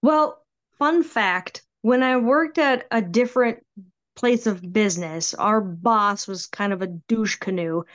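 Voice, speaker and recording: A woman guest telling a personal ghost story in a casual, animated way. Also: medium pitch, slow, muffled recording. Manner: animated, acts out quoted voices.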